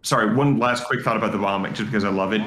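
A man's voice: on the low side, quick pace, fairly bright tone. A man on a podcast talking through a story in a thoughtful, articulate casual chat. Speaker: podcast guest. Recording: roomy echo.

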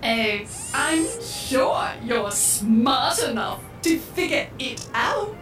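A woman's voice: sits high, big pitch swings, measured pace, reverberant, distant mic, over music. A woman playing a vain, sarcastic female robot in an audio drama. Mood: smug sarcastic.

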